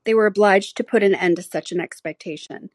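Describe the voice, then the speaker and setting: A woman narrating a classic novel as an audiobook, in an even, measured way. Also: medium pitch, dry recording.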